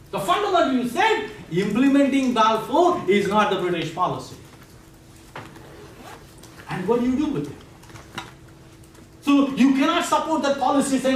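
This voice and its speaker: A man lecturing a class, animated and quizzing students with playful asides. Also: extremely high pitch. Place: large echoey lecture room. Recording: echoey classroom from far off, faint hiss.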